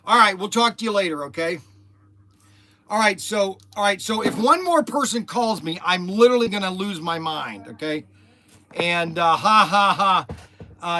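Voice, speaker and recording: Excitable high bright-voiced man. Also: moderate pace. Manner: excitable, chatty storyteller with lots of restarts and exclamations. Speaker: channel host. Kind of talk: casual chat in the shop, partly on the phone. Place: workshop.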